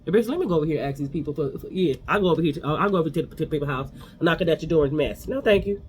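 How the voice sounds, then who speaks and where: A man recapping reality TV in a casual, animated, gossipy way, acting out what people said. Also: fairly high pitch, racing, slight background noise. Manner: animated, gossipy, acts out quotes. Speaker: recap host.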